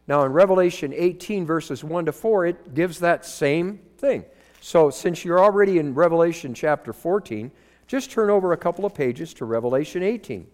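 High, animated man preaching in a hall. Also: normal speed. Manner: animated, rhetorical questions to the congregation. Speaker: pastor. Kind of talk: sermon. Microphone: microphone. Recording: long hall reverb.

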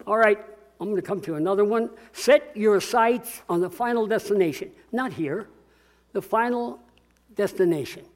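An older man preaching a sermon as pastor, earnest and swinging between quiet reflection and rousing call-and-response. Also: high-pitched.

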